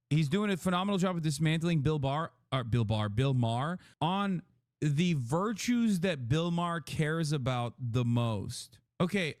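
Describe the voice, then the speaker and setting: A man's voice: a little high, no room sound, clean studio sound. A young man livestreaming his reaction to a clip, rambling and cursing as he picks apart the argument. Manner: excited, profane, analytical rambling. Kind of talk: live-stream reaction commentary.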